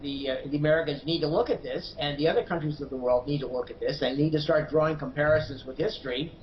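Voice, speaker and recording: A man as a guest commentator on a news program, giving strong political opinions with many hesitant pauses and fillers. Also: a little high. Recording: dull lo-fi broadcast audio with faint noise.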